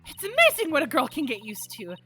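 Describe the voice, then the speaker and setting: A woman voicing an upbeat, confident young woman lawyer in a game, reading her lines brightly. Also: sits high, wildly swooping pitch, fast, full character voice. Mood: cheerful.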